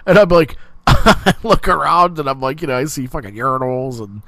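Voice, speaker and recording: A man's voice: mid-range voice, moderate pace, bright, forceful tone, no echo. A man hosting a podcast, telling a crude story in casual, profane chat, rambling with many fillers and restarts. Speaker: podcast host.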